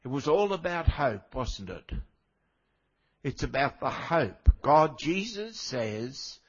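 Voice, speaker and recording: A man's voice: on the high side, big pitch swings, slow pace, highs cut off. An older man preaching a sermon with a cold, speaking conversationally and making wry asides to the congregation. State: has a cold, coughing now and then.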